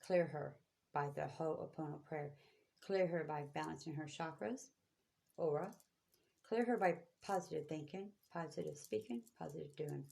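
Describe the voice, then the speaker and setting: Low gravelly woman giving spiritual advice. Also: normal speed, mellow. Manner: preachy, repetitive, emphatic. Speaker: spiritual reader. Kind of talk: spiritual guidance livestream.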